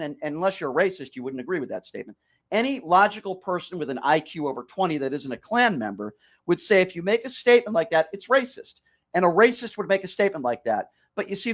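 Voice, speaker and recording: A male radio host arguing with a caller on a call-in show, combative and sarcastic, often interrupting. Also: high-pitched. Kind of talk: heated call-in radio debate.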